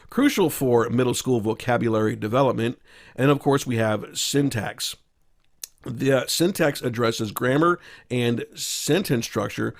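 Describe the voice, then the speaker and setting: A man teaching a recorded video lesson, explaining each point step by step and now and then correcting himself with fillers. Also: medium pitch.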